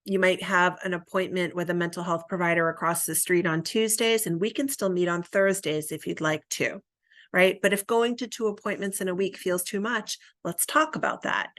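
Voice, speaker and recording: In this recorded counselor training, the teacher's voice is lowish and a bit bright, moving at a moderate pace with fairly even intonation. She keeps things conversational, checks in with "right?" often, and plays out example exchanges between counselor and client.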